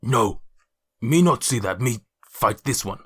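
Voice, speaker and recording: A man's voice: medium pitch, animated, a little slow, a bit bright, breathy edge. A man voicing a blunt half-orc woman who speaks in clipped, broken grammar in a tabletop game. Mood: proud.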